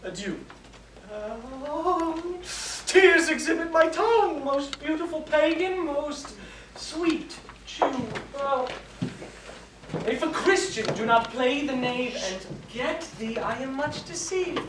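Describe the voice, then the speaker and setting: A woman playing a comic, excitable young male servant in an amateur stage play, with quick, playful delivery. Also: high voice. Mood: tearful. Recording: roomy hall, far camera, noise.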